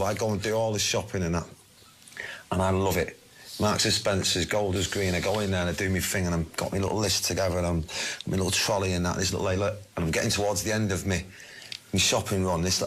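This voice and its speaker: Fast-talking blunt Mancunian man. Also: sits low, fairly even intonation, a bit bright, a little hiss or hum. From Manchester, England. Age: 40s. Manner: blunt, swearing, laddish storytelling. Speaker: musician guest. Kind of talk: casual interview chat.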